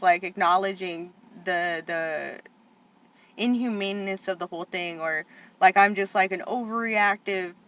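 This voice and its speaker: A young woman talking straight to camera in a casual, heated rant. Her voice sits at an ordinary middle pitch and she fills her speech with "like" and "you know". She sounds frustrated and worked up throughout. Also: fairly bright tone. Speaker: vlogger, aunt of a boarding-school student.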